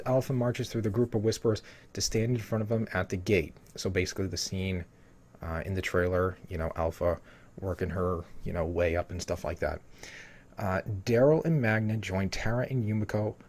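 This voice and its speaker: Reading lines from a summary, a TV spoiler commentator with a somewhat low voice walks through an upcoming episode loosely and without a script. He drifts into tangents, rambling and filling every gap with "you know" and "um."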